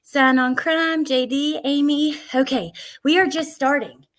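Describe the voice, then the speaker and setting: Woman on a livestream, kinda high voice, chatty, saying hi to chat. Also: steady tone, unhurried. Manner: greets chat viewers by name, chatty. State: out of breath. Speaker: true crime livestream host.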